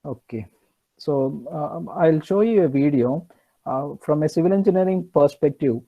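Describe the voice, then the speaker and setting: A man's voice: a little high, moderate pace, phone-quality sound. A man giving an online engineering lecture, hesitant with many fillers and restarts.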